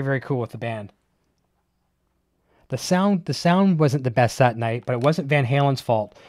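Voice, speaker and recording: A man hosting a live online show, chatting casually and excitedly while unboxing, with many fillers and restarts. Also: medium pitch, no room sound. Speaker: host of a live gear show.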